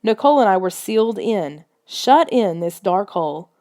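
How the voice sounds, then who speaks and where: A woman's voice: mid-range voice, lively intonation, normal speed, warm tone. A woman narrating a children's adventure book in a tense, suspenseful reading style. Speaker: audiobook reader. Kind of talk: scripted storybook narration.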